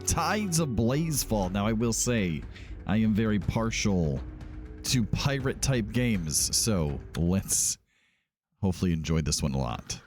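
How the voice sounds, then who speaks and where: Man, low voice, lively pitch, casual let's-play commentary, reads game text aloud, faint music. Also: measured pace. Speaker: gaming video host.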